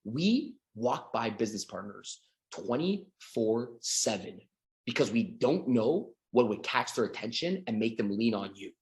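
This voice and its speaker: A man giving an energetic motivational sales training talk as a coach, acting out little scenes. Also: mid-range voice, normal speed. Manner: energetic, acts out little scenes with quoted voices.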